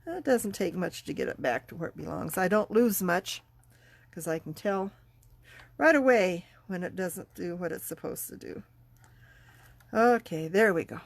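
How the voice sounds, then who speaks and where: A woman's voice: on the low side, animated, gravelly, no echo. A middle-aged woman with a stuffy, congested voice, chatting casually as she demonstrates card making. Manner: chatty, unhurried, talks while working. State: congested, sniffling. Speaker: card-making class teacher. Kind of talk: casual craft tutorial.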